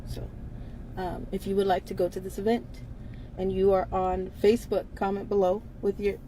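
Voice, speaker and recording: A woman's voice: mid-range voice, flat delivery, normal speed, mellow, a little hiss or hum, low-quality recording. A woman hosting a casual livestream, talking bluntly with frequent swearing and laughter. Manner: blunt, profane, laughs often between lines. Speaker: livestream host.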